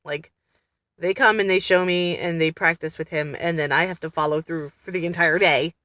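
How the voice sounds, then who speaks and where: Candid, laughing mom vlogger. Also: female voice, fairly low pitch, moderate pace, a bit bright, no room sound. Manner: chatty, candid storytelling with frequent laughter; exasperated, blunt. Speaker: mother vlogging about family therapy. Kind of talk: casual vlog chat.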